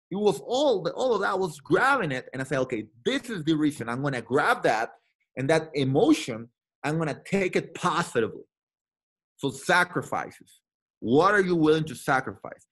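A man's voice: on the high side, big pitch swings, normal speed. A man from Latin America in his thirties, giving an emphatic, repetitive motivational talk to his team and acting out the voices he quotes. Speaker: team trainer.

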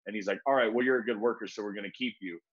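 A man telling a long story in relaxed, casual talk, peppered with "bro". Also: lowish voice, very fast, breathy edge, lo-fi sound. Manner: laid-back, says "bro" a lot, acts out quoted voices. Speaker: guest.

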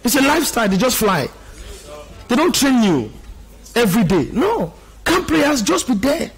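A pastor preaching, passionate and often shouting out exclamations between scripture quotes. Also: male voice, extremely high pitch, sing-song, normal speed, husky. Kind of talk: sermon.

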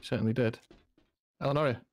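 A man's voice: mid-range voice, fairly even intonation, fast talker, slight background noise. A man in casual co-op game chat, teasing his partner with dry banter.

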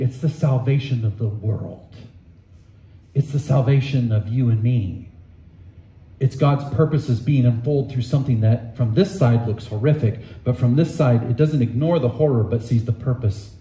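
A man's voice: medium pitch, animated, moderate pace, warm tone, echoey room, poor audio. A man preaching a sermon in a conversational, emphatic way, with candid asides, in a church. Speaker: pastor. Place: church sanctuary.

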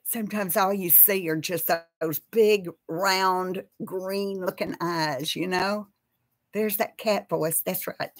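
A woman's voice: fairly low pitch, fairly even intonation, takes it slowly. A woman hosting a casual live chat, talking with viewers and reading out their names. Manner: chatty, reads out viewer names.

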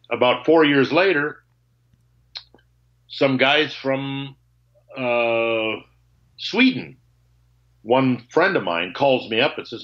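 A man's voice: medium pitch, lively intonation, slow pace, long pauses, muffled recording. A man, a guitarist, telling candid stories on a call. He acts out both sides of old conversations and swears freely. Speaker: guitarist guest.

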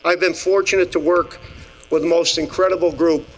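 A man's voice: fairly high pitch, steady tone, normal speed, low-quality recording. An older man, a school athletic director, giving a commencement address in a folksy, off-the-cuff storytelling way with repeated phrases. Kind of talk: graduation speech.

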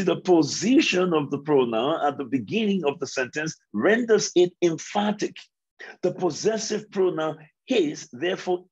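Slow, husky-voiced preaching man, lo-fi. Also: a little high, darkish tone. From Liberia. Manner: slow, emphatic preaching with repeated phrases. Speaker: pastor. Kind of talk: devotional sermon.

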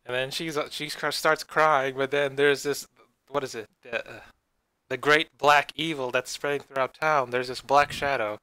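Stammering sarcastic podcast host. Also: male voice, mid-range voice, steady tone, normal speed, bright, forceful tone, clear, resonant tone, dry recording, poor audio. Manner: rambling, stammering, sarcastic retelling. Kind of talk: casual review chat.

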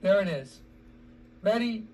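A man's voice: sits high, lively intonation, slow pace, a little mellow, recorded from a distance, a little hiss or hum, low-quality recording. A man giving heated scripture commentary, agitated, often asking "ready?" and drawing out quoted words. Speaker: online preacher.

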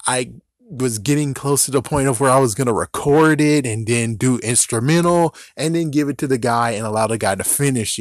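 A man's voice: lowish voice, dry recording. Man, casual vlog ramble, frequent laughter, acts out little scenes, dry close mic. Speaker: vlogger.

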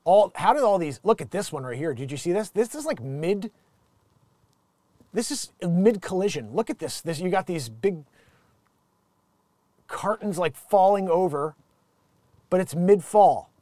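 Male comedy news host, high, lively voice, rambling jokey riffs. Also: measured pace, pauses often, dry recording. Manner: rambling, jokey, jumps between loud and muttered asides. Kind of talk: riffing comedy commentary on news.

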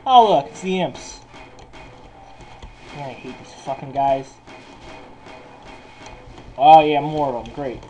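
A man's voice: fairly high pitch, takes it slowly, pauses often, mellow, faint music behind, low-quality recording. A man giving casual game commentary while he plays, cursing constantly. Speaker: gameplay commentator.

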